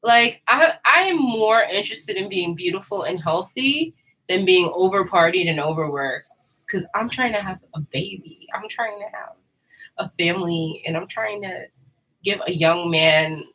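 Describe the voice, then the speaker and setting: A woman chats straight to her viewers, slangy and candid. Her voice sits a little low for a woman, and she laughs often as she talks. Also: a little slow, a bit bright, husky, low-quality recording. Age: 30s. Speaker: vlogger. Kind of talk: casual monologue to camera.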